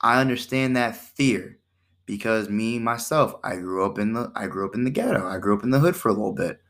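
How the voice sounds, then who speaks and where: A man's voice: fairly low pitch, brisk. A man hosting a casual podcast monologue in a conversational way, often asking "right?" and acting out the exchanges he describes. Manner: animated, acts out quoted exchanges in shifting voices; conversational, with repeated "right?" and "you know". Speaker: podcast host.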